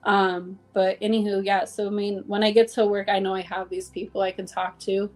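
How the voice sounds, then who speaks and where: A woman with a mid-range, darkish voice speaks fairly quickly with little pitch movement. Appearing as a guest in an easygoing conversation, she tells heartfelt tales of her coworkers, acting out exchanges and saying "like" again and again.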